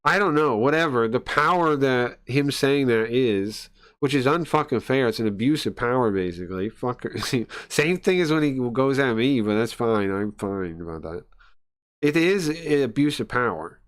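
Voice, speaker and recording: A man's voice: mid-range voice, expressive, normal speed, smooth. A man streamer ranting live, heated and profane, with stumbling restarts and scoffing laughs. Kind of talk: profane livestream rant.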